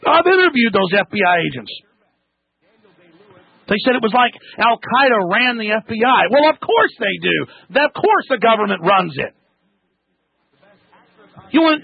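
A man hosting a talk radio show, ranting angrily and shouting insults at callers, with a gravelly, husky voice on a tinny broadcast. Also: sits high, big pitch swings, moderate pace, no room sound. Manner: angry, shouting tirades at callers.

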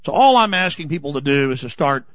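A man's voice: a little high, sing-song, fast talker, fairly bright tone, dry recording, dull audio. A man from Texas, delivering an impassioned, indignant talk radio monologue full of restarts. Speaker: political commentator.

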